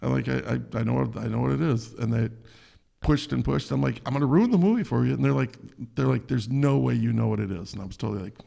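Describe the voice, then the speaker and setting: A man from Minnesota, a guest musician, telling animated stories in casual podcast chat and swearing freely. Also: medium pitch, fast. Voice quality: gravelly, husky.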